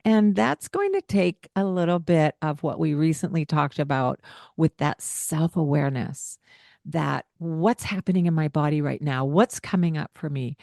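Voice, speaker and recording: A woman hosting a parenting podcast, explaining calmly and laughing often. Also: low-pitched, normal speed, gravelly, dry recording, clean studio sound. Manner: calm, explanatory, laughs often, acts out kids' voices. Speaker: podcast host, parenting coach. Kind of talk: casual podcast advice.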